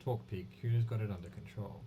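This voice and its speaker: A man voicing a hostile, foul-mouthed young boy who gruffly talks about himself in the third person. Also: lowish voice, fairly even intonation, fast talker, phone-quality sound, noisy background, natural voice. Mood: cocky.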